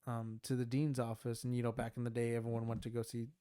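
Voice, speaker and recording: A man's voice: mid-range voice, fast talker, clear, resonant tone. A young man hosting a casual chat, rambling through stories with lots of profanity. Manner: rambling, animated storytelling with profanity. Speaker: podcast host.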